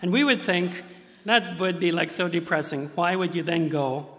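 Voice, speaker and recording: Earnest male preacher, slightly high-pitched, reverberant hall. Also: normal speed, a bit bright. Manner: earnest, acts out quoted voices in bursts. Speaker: pastor. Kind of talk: sermon.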